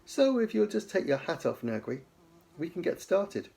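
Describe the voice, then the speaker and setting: A man's voice: high-pitched, big pitch swings, normal speed, gravelly, mellow, breathy edge, pitched above the performer's own voice, exaggerated voice. A man reading aloud voices a polite, flustered female schoolteacher, lifting his voice a little for her. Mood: insistent.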